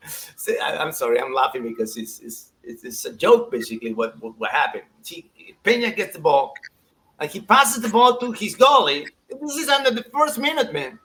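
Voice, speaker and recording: A man, chatting casually as a soccer pundit, animated and laughing as he acts out quotes. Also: a little high, normal speed, low-quality recording. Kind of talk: casual podcast chat.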